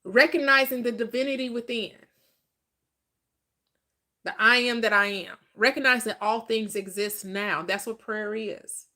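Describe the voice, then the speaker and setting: This spiritual teacher's voice is fairly high and bright, with a pushed quality, an unhurried pace, and fairly even intonation. In a preacher's manner she explains manifestation, repeating herself for emphasis and answering her own questions.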